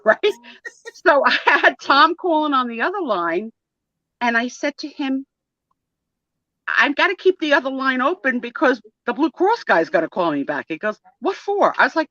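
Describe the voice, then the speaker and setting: A woman hosting a casual talk show, telling a story in a lively way, laughing and acting out the people in it. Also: sits high, dry recording, dull audio. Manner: animated, laughing, acts out the people in her stories.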